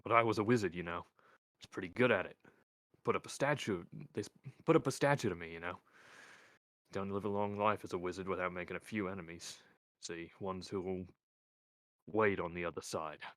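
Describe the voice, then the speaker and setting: A man voicing a cranky old male wizard servant who talks gruff and defensive, reading a story aloud. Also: low voice, a little fast, pauses often, a bit bright, no echo. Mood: grumbling.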